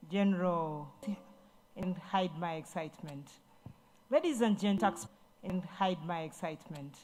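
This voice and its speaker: A woman, a government minister, giving a ceremony speech, telling Bible stories in a preachy way and repeating herself. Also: medium pitch. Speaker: guest speaker, government minister. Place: large event hall.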